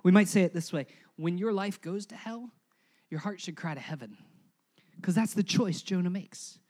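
A male pastor preaching a sermon to his congregation in church, moving from loud emphasis to hushed, low passages. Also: normal speed. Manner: animated preaching, swings between loud emphasis and hushed lows; conversational, asks the congregation to repeat words.

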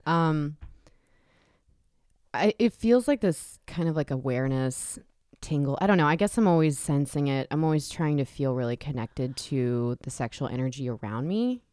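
Woman, low voice, dry close mic, candid chatty co-host. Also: animated, moderate pace, dark tone, smooth, dry recording. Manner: candid, chatty, lots of "like" fillers. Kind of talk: frank casual chat.

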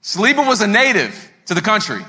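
A man's voice: sits high, wildly swooping pitch, a little fast, sharp tone. A man in his thirties preaching a sermon as a pastor, telling a story in a conversational way and speaking straight to the congregation. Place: church sanctuary. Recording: long hall reverb with faint music.

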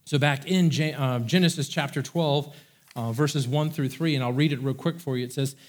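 A middle-aged man preaching a sermon as pastor, talking in a relaxed, conversational way and retelling scripture in everyday words. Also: mid-range voice, moderate pace. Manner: conversational, paraphrases scripture in a casual voice.

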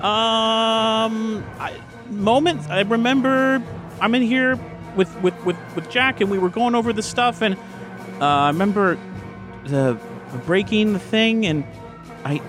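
A man's voice: high-pitched, lively intonation, slow pace, over music, voice pushed up. A man doing a stammering, panicked young man. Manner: stammering, frightened. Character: confused, panicky young man waking up tied.

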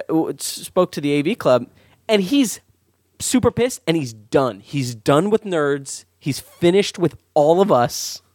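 A man hosting a casual podcast chat, animated and rambling, quick to laugh and swear. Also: fairly high pitch, no echo, clean studio sound. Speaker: podcast host.

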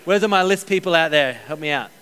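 A man preaching a sermon as pastor, energetic, repeating key phrases and joking with the congregation. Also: a little high, fast talker, slight background noise. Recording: long hall reverb.

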